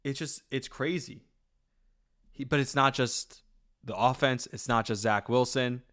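A man hosting a podcast, talking about football in an animated, opinionated way with quick asides and restarts. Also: medium pitch. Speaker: podcast host. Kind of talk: casual sports talk.

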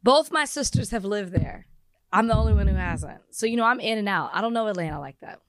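A woman co-hosting a podcast in casual chat, teasing and quick to call her co-host out. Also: mid-range voice, lively intonation, dry recording, studio quality.

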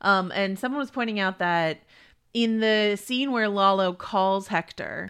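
A woman hosting a podcast, chatting about a TV episode with quick asides and frequent laughs. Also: fairly low pitch, a bit bright, clean tone. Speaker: podcast host. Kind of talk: casual TV recap chat.

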